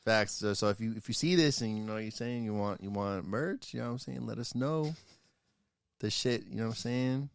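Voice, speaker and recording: Easygoing low-voiced podcast man. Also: creaky, smooth, dry recording, studio quality. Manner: easygoing, quick to laugh. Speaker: podcast co-host. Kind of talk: casual chat.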